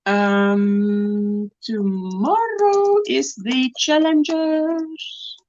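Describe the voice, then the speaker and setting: A woman's voice: fairly high pitch, fairly even intonation, drawn-out words, a little mellow. A middle-aged South African woman hosting a casual livestream, chatty and full of greetings and fillers. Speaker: livestream host. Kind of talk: casual livestream chat, reading comments. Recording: slightly dull lo-fi stream audio.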